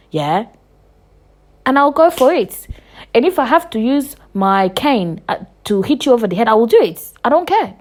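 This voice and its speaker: Woman in her 20s, podcast host, solo rant: swears hard, repeats herself, jumps from loud outbursts to hushed asides. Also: fairly low pitch. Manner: heated, profane ranting with repetition; animated, swings between loud bursts and hushed asides. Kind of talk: casual podcast monologue.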